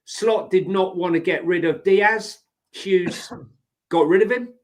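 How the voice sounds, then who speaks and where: A man's voice: high-pitched, slow. A man co-hosting a football podcast, talking emphatically and repeating his points in a casual argumentative chat. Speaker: podcast co-host.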